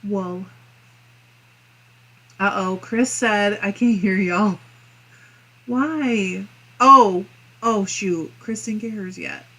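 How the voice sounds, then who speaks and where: A woman hosts a relaxed crafting livestream, reading out viewer comments one by one. She talks at an unhurried pace in a middle-pitched voice. Her talk is giggly, and she often breaks into laughter and coughs between comments. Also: husky. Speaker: fiber arts channel host.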